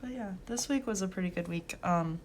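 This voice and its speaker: A woman's voice: mid-range voice, fairly quick, a little hiss or hum. A young woman hosting a coloring channel, chatting casually and telling work stories with lots of laughs and fillers. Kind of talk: casual chat while coloring.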